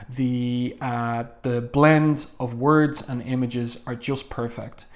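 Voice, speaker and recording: A man at an ordinary middle pitch walks through a comic book review in an easy, conversational way. He sounds enthusiastic about what he describes, and his speech is sprinkled with ums as he gathers his thoughts. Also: fairly even intonation, slow.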